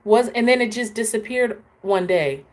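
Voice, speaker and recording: A woman's voice: a little high, expressive, moderate pace, darkish tone. A woman hosting a casual, opinionated live chat, talking straight to her viewers. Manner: chatty, opinionated, answers viewers. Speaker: host.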